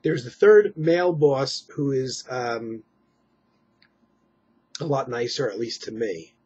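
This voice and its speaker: A very husky, breathy man talks at a middle pitch, worn out and rambling through a late-night update. He stops and restarts often and fills gaps with ums. The home recording sounds dull and lo-fi. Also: slow pace, a little mellow. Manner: rambling, weary, with many fillers and restarts. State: exhausted. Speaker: vlogger.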